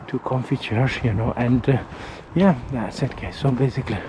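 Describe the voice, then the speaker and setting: A man in the middle pitch range gives a casual walking vlog in a loose, friendly ramble. He trips over words and starts again as he points at houses and gardens. Passing cars and street noise sit clearly behind him outdoors. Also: fairly even intonation, normal speed. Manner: rambling, chatty, friendly, often restarts. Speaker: vlogger. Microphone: handheld camera while walking.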